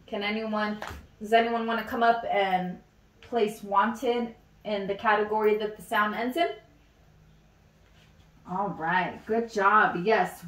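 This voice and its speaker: A woman teaching a phonics lesson, slowly sounding out words again and again for a pretend class. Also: mid-range voice. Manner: slow, deliberate, sounds words out repeatedly. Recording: echoey room, mic at a distance.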